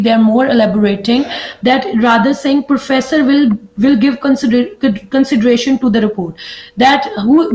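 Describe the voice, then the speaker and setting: A woman's voice: fairly high pitch, darkish tone, rough recording. A woman teaching an online class, hesitant and often restarting words. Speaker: lecturer.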